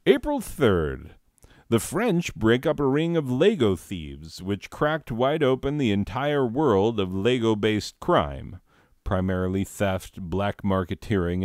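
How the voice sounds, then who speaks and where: A man's voice: fairly low pitch, big pitch swings, a little slow, a little mellow, no echo, studio quality. A man presenting a mock year-in-review with sarcastic, rambling, exasperated rants. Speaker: comedy video host.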